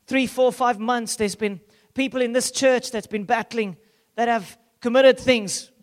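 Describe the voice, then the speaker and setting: A male pastor with a strikingly high voice delivers an impassioned sermon. He swings between loud, urgent declarations and soft, hushed lines. He briefly slips into the characters of the scripture he reads. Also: fairly even intonation, big-room sound. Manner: acts out scripture characters in quick asides.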